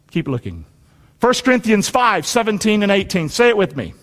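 In a church sanctuary with long hall reverb, a pastor preaches a little fast in a high-pitched voice with big pitch swings. He leads the congregation in call-and-response and reads scripture aloud.

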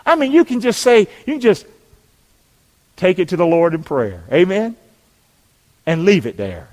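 Preacher shouting in a church hall. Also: male voice, high voice, very animated, unhurried, pauses often. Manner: preaching with call-and-response, rising to shouts. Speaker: pastor. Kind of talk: sermon. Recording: long hall reverb.

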